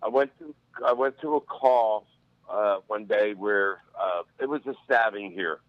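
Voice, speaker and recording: A man's voice: fairly low pitch, unhurried, no echo. A man from Northeast Pennsylvania, a firefighter and EMT, calling in to a show and telling stories in a loose, rambling way. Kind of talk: phone-in storytelling. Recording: dull dry phone line.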